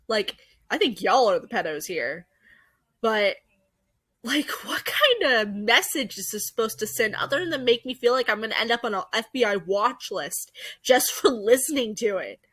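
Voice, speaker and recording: A woman's voice: mid-range voice, a bit bright, no room sound, poor audio. A woman hosting a casual commentary video, talking bluntly and swearing a lot as she reviews ads.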